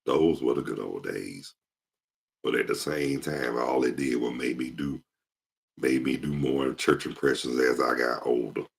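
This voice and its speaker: A man hosting his show, telling casual stories in an animated way and jumping into impressions. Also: a bass voice, a little slow, vocal fry, slightly rough. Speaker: show host. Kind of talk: casual storytelling monologue.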